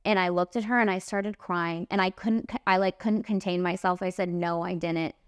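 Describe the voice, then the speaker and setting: A young woman in her late twenties with a smooth, clear voice, telling a personal story on her podcast. Her delivery is casual and emphatic, sitting at a middle pitch for a woman. She leans on "like" and "literally" as she tells it. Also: fairly even intonation, moderate pace, dry recording. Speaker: podcast host and makeup artist.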